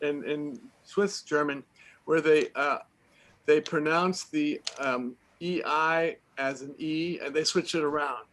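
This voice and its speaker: A man, a dance teacher, chatting casually on a video call, speaking haltingly with many restarts. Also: a little high, a bit bright, poor audio.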